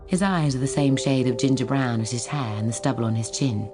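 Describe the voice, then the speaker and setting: Very low-voiced woman narrating. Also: a little fast. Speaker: audiobook narrator. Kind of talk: scripted narration. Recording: music soundtrack behind voice.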